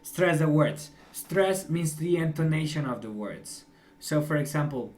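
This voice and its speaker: A man's voice: on the high side, animated, measured pace. Chatty man teaching English online. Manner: encouraging, chatty, laughs often. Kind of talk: online class feedback.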